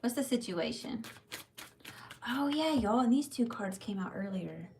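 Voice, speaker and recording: A woman's voice: a little high, lively intonation, measured pace, vocal fry, slight background noise. A woman, talking chattily on a live tarot stream and checking in with "okay?" as she goes. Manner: chatty, warm direct address with many "okay?" and "y'all". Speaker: tarot reader on a livestream. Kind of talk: live tarot reading and personal story.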